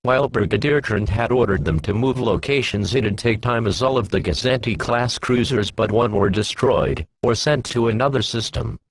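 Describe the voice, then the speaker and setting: A man narrating his own science-fiction fan story aloud in a plain, steady reading voice. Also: mid-range voice, moderate pace, few pauses, slight background noise, poor audio.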